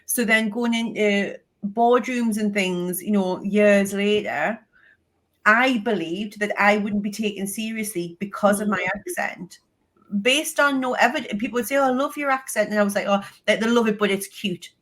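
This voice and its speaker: A woman's voice: medium pitch, moderate pace. A woman with a strong Geordie accent, a guest telling stories in a casual interview and swearing freely. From Northeast England. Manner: lively storytelling, swears casually. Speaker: podcast guest, business coach.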